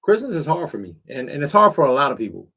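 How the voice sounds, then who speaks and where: In a fairly high voice that leaps up and down in pitch, a middle-aged man talks fast with some vocal fry, and background noise is audible. He's a livestream host chatting informally with his viewers from a cold backyard shed, using slang and fillers.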